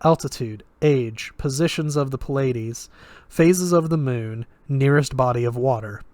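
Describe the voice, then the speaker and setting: A man's voice: medium pitch, a little slow, darkish tone, no room sound, natural voice. Man reading an eager young male student.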